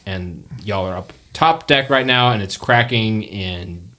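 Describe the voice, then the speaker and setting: A man's voice: fairly low pitch, a little slow. Male game master, casual tabletop narration, loose and chatty. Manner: relaxed, chatty, with fillers.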